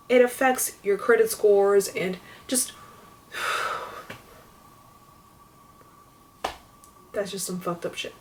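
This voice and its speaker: A woman's voice: medium pitch, distant mic. A young woman venting to camera in a casual rant, exasperated and swearing, with lots of "like". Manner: exasperated, profane, fillers of "like". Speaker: vlogger.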